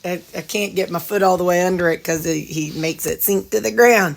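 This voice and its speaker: A woman's voice: on the low side, a little fast, creaky. A woman chatting casually at home in a vlog, rambling and trailing off with ums. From Missouri, US. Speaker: weight-loss vlogger.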